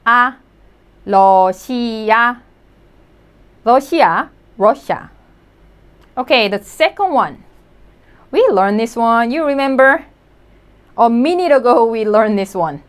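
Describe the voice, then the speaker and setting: A woman leads a beginner lesson. She talks slowly and patiently, repeating each sound. Her voice sits a little high and moves up and down a lot. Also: animated. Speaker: Korean language teacher. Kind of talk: slow spoken lesson.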